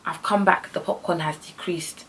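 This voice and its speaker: A young woman telling a storytime vlog in an animated, slangy way, filling her talk with "like". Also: fairly low pitch, normal speed, breathy edge, distant mic. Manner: animated, slangy, heavy use of "like". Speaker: vlogger.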